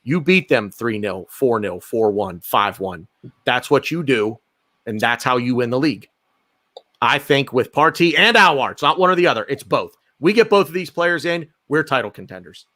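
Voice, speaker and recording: A man's voice: mid-range voice, lively intonation, moderate pace, pushed and bright, no echo. A man hosting a casual fan podcast, reading out donations and passing the word to his panelists. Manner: reads out donations, hands over to panelists. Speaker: podcast host.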